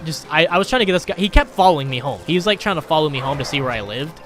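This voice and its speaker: Young man, slightly high voice, crude sarcastic storytelling, gameplay commentary, faint music behind. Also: very animated, very fast, a bit bright. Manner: crude, sarcastic, rambling anecdotes. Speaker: gaming YouTuber.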